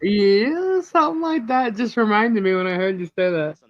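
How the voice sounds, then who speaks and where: A woman's voice: mid-range voice, lively intonation, normal speed, no room sound, lo-fi sound. A chatty woman co-hosts a casual live stream, spinning a story with frequent laughs. Her voice sits close and dry, with no room sound.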